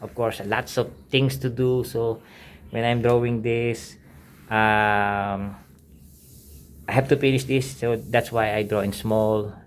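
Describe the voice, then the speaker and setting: A man's voice: fairly low pitch, slight background noise. A middle-aged man, an art channel host, casually talking through his old drawings, rambling with many fillers and restarts. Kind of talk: casual sketchbook tour narration.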